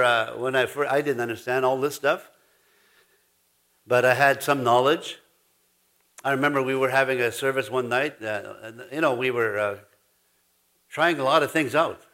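A man's voice: medium pitch, a bit bright. A man preaching a sermon, telling rambling stories with restarts, laughter and many asides. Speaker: pastor.

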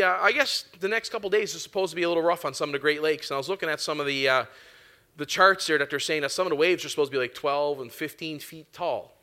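A man delivering a sermon in a relaxed, folksy way. He mixes everyday chatter with scripture and throws out "amen" and "come on" to his listeners. His voice sits high and sounds bright and forward. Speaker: preacher.

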